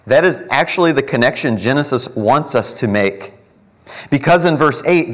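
A man preaching a morning sermon as pastor, earnest, building up emphasis and then slowing and softening on key words. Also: a little high.

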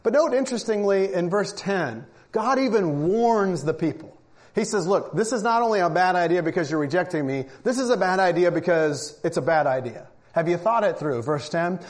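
A man's voice: sits high, animated, normal speed. A man preaching a sermon, reading scripture aloud and pressing his points with emphasis. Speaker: pastor.

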